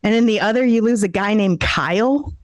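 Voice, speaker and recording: A woman's voice: mid-range voice, brisk, no room sound, poor audio. A woman doing a self-deprecating stand-up set over a video call, holding a handheld mic. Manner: self-deprecating, punchy storytelling. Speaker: stand-up comedian. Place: home in a warm city, daytime. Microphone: handheld microphone.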